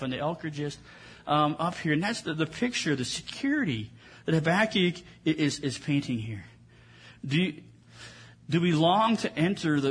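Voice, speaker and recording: A man's voice: fairly high pitch, slightly rough. A man preaching a sermon as pastor, telling stories in a conversational way with frequent restarts.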